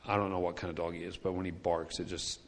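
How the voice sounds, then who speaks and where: A pastor's low voice delivers his sermon quickly and flatly, chatting through a personal story and driving his main points home by repeating them. The recording, made in a church sanctuary, carries long hall reverb.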